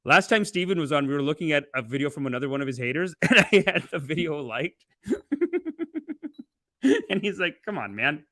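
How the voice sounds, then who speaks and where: A man hosting a casual livestream, reading donations and ranting, swinging between loud outbursts and muttered asides. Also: fairly high pitch, a little fast, pauses often, no room sound, clean studio sound. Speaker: livestream host.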